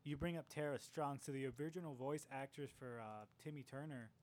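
A young man talks casually with friends on a podcast, drifting into a tangent and leaning on likes and restarts. His pitch is ordinary, in the middle range for a man. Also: brisk, darkish tone. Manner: loose, chatty storytelling full of likes. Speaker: podcast co-host. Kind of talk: casual comedic chat.

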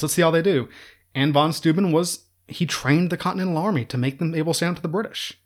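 A man giving an informal history lecture in a chatty, sarcastic way, laughing at his own jokes. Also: on the high side.

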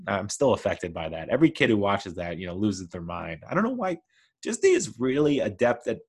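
A male host chats casually about movies, wandering through his favorite scenes with plenty of fillers and false starts. His voice is fairly low and slightly bright.

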